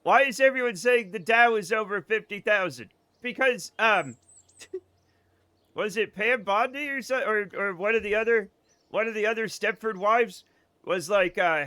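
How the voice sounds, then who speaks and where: A man's voice: high-pitched, expressive, moderate pace, bright, forceful tone, no room sound. A man with a faded Boston accent, joking and swearing through casual gameplay commentary on a live stream and laughing often. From Boston area.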